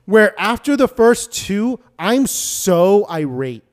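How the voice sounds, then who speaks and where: A man's voice: sits high, sing-song, slow pace. A young man co-hosting a casual comedy podcast, ranting in a profane, exasperated way. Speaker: podcast co-host.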